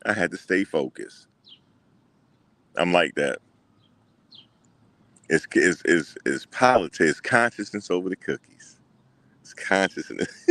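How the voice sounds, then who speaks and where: A deep-voiced man, chatting loosely on his livestream. He answers his viewers and plays back what people told him, and his voice sounds close and dry. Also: slow pace, long pauses, no echo. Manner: animated, talks back to chat, mock-quotes others. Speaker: livestream host. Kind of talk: casual livestream chat.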